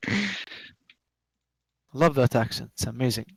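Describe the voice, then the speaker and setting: A man developer chatting casually while coding, halting and repeating words, muttering to himself at times. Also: medium pitch, lively intonation, vocal fry, a little hiss or hum, rough recording. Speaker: game developer streaming.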